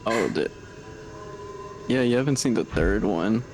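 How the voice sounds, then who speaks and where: A man's voice: on the low side, animated, measured pace, background noise. A man talking offhand with his co-op gaming partner over voice chat. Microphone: voice chat over the internet.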